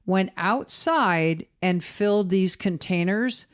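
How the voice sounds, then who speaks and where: A woman's voice: mid-range voice, takes it slowly, clean tone. A woman co-hosting a true-crime podcast, casually retelling events and acting out quotes. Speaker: podcast co-host.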